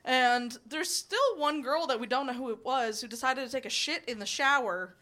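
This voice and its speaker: A woman's voice: sits high, animated, moderate pace, sharp tone. A woman in her twenties performing a stand-up comedy set, telling blunt, profane stories, chuckling between lines and rambling with fillers when she loses her place.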